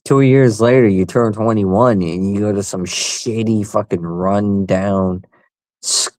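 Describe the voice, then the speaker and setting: A man's voice: lowish voice, steady tone, a little mellow. A man in casual chat, rambling with many fillers and some swearing. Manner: slow, rambling, filler-heavy.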